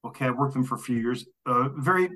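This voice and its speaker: A man with a husky, slightly rough voice tells workplace stories on a podcast. He gets animated, acting out the people he quotes and laughing as he goes. The delivery is loose and conversational. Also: mid-range voice, fast talker. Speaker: storyteller guest. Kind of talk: casual podcast storytelling.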